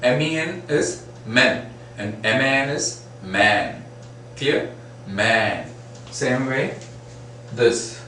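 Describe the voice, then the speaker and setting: Slow man teaching phonetics. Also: medium pitch, expressive, bright, forceful tone. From India. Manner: slow, repeats example words aloud; frequent "right?" and "uh, say" fillers. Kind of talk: phonetics lecture. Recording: echoey room, mic at a distance, faint noise.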